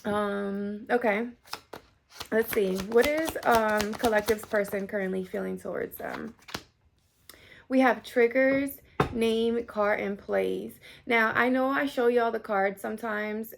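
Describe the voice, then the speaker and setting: A woman's voice: a little high, fairly even intonation, slow, vocal fry, background noise. A woman in her thirties giving a casual tarot reading to camera, chatty, full of fillers, and swearing now and then. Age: 30s. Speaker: tarot reader.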